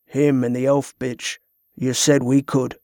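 A man voicing a menacing thug who mutters in a flat, almost lifeless voice. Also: medium pitch, moderate pace, no echo, studio quality, lightly acted. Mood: cold.

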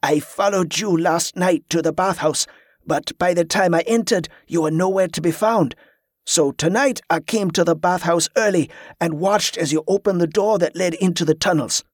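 A man's voice: high-pitched, moderate pace, dry recording, studio quality. A man voicing Beneto, a surly male spy who answers in a curt, defensive way. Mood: fearful. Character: surly male spy, defiant then fearful.

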